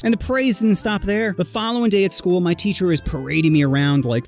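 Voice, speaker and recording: A man narrating his own comedy stories in a scripted way, sarcastic and brash, with deadpan punchlines. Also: fairly high pitch, quick pace, few pauses.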